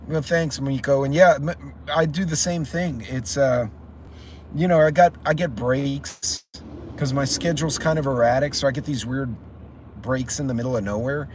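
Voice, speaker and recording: A man's voice: mid-range voice, normal speed. A man hosting a casual live stream, telling a rambling story and greeting chat viewers by name. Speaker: channel host. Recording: loud traffic and street noise. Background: loud outdoor street and traffic noise.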